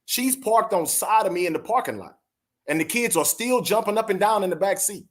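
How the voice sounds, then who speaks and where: This podcast co-host, a man in his forties, recounts something from his own life during a relaxed chat, addressing listeners in an earnest, direct way. He sounds animated, his voice sitting high and moving a little fast.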